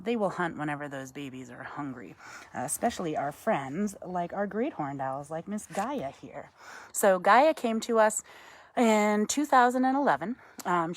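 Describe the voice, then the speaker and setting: Chatty New woman outdoors. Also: mid-range voice. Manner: chatty, greets viewers by name, coos to the owl. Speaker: wildlife educator. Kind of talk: live-stream educational talk.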